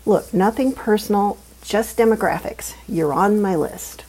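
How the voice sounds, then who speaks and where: A woman's voice: medium pitch, unhurried, mellow, husky, poor audio. A woman reading a novel aloud and voicing a small, balding, dumpling-shaped male watcher who talks in a prim, exasperated, over-explaining way. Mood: fussy, exasperated.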